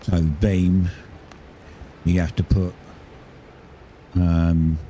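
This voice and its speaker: Low-pitched and warm but flat in delivery, this gaming streamer talks very slowly through a building game, rambling, explaining each building step, and frequently correcting himself. A little hiss or hum is audible.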